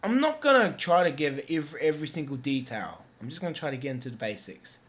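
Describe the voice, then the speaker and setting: A man's voice: on the high side, big pitch swings, fast talker. A man talking through a film he watched in a loose, casual review. He swears freely and often stops to backtrack or correct himself as he goes. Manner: rambling, profane, self-interrupting. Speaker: movie reviewer. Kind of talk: casual rambling movie review.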